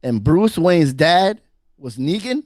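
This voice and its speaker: A man's voice: fairly high pitch, big pitch swings, slow pace, darkish tone, no room sound, clean studio sound. A man co-hosting a casual podcast, rambling and repeating himself as he laughs through his stories. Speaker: podcast co-host. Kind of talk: casual chat.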